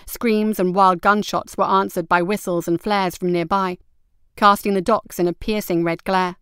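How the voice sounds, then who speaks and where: A woman reading a story aloud in a measured, scripted narration. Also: mid-range voice, fairly even intonation, a bit bright, smooth, no room sound, studio quality.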